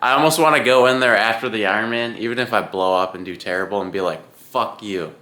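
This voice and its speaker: Low, bright-voiced young man ranting casually. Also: fast. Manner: chatty, swears freely, ranting. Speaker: vlogger training for an Ironman. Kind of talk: casual rambling vlog.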